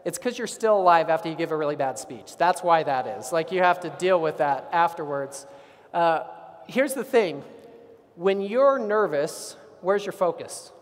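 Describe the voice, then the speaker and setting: A man's voice: fairly high pitch, moderate pace. Upbeat man around forty on a conference stage, tenor-range voice ringing out in a big reverberant hall. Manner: energetic, asks the audience questions. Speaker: keynote speaker. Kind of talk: conference keynote storytelling.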